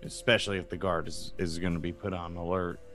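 A man player in a tabletop game, easygoing and measured. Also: sits low, level tone, a bit bright, soft background music. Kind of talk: casual tabletop game play.

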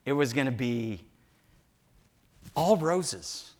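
A man in his sixties telling a funny story in a sermon, animated and jokey, acting out voices. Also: mid-range voice, slow pace. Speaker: pastor.

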